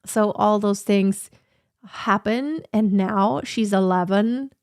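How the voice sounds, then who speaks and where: A woman's voice: mid-range voice, takes it slowly, a little mellow, smooth, no room sound, clean studio sound. A woman in her thirties chatting casually and reflectively on a sit-down livestream from her home office, with lots of fillers. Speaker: vlogger.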